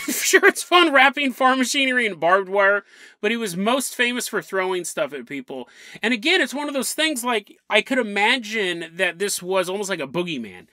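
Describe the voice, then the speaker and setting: A man's voice: high-pitched, pushed and bright, no room sound. A man hosting a casual storytelling podcast, jokey and laughing often as he tells the tale. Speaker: podcast host.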